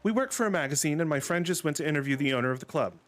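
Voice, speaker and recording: A man's voice: fairly high pitch, animated, very fast, a bit bright, pitched above the performer's own voice. A man voicing a wary young woman writer, guarded and dry.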